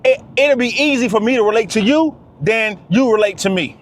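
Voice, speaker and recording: A man delivers a fired-up monologue to camera. His voice sits high for a man, and he hammers his points home again and again, calling out to his listeners as fellas. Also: fairly quick. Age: 30s. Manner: preachy, repetitive, talks straight to "fellas". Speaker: vlogger.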